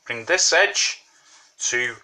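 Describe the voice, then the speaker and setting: A man's voice: medium pitch, lively intonation, very slow, heavy background noise. A man hosting a casual origami tutorial, chatting through each fold with lots of fillers while sucking a mint. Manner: chatty, repeats "you know what I mean", many fillers. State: talking with a mint in his mouth. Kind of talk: casual step-by-step craft tutorial.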